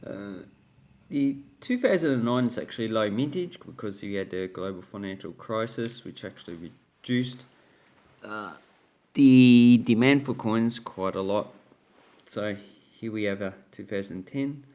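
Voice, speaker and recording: A man's voice: on the low side, animated, unhurried, a little mellow. A man with an Australian accent hosting a casual coin collecting video, rambling and correcting himself with fillers. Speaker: coin collecting channel host.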